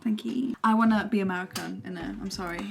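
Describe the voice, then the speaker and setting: Give me a young Welsh woman in casual chat, playful and animated. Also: mid-range voice, fast talker, creaky. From Wales. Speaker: co-host.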